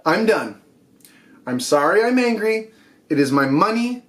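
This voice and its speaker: A young man with a high voice hosts a casual weekly news show. He talks in a heated, ranting manner straight to his viewers. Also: sing-song, unhurried, pauses often, a bit bright. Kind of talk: casual news rant to camera.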